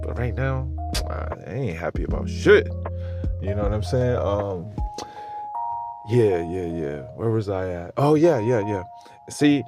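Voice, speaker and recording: A tired man giving a profane, slang-heavy, meandering crypto monologue, with brain fog and many restarts. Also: on the low side. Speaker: crypto commentator. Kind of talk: rambling monologue.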